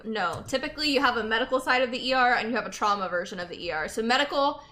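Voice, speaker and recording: A woman's voice: a little high, expressive, very fast, hardly any pauses, pushed and bright, a little hiss or hum. A young woman streaming and chatting casually, laughing often and reading chat aloud, tired from lack of sleep. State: sleep-deprived.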